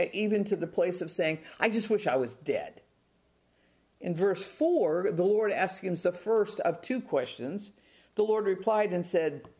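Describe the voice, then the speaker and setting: A man's voice: sits high, a little mellow. A man preaching a sermon, reading scripture and retelling it with folksy, self-deprecating asides.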